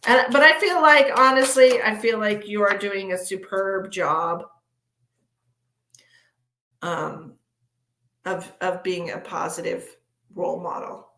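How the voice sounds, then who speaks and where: A woman's voice: mid-range voice, slow pace, pauses often, sharp tone, roomy sound, poor audio. A woman in her forties giving psychic card readings on a live stream, chatty and sassy as she reads out viewer comments. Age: 40s. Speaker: psychic tarot reader.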